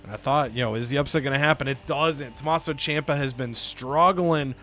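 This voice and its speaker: A man's voice: medium pitch, a little fast, soft background music. A man casually narrating a wrestling management game playthrough, slipping into exaggerated voices for the wrestlers. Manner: animated, acts out wrestlers' lines in exaggerated voices.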